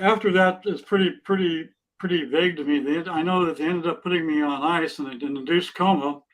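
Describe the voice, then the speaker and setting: Earnest man in his sixties, higher voice. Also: a bit bright, rough recording. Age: 60s. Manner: earnest, plainspoken, speaks of faith. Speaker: podcast guest. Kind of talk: casual interview chat.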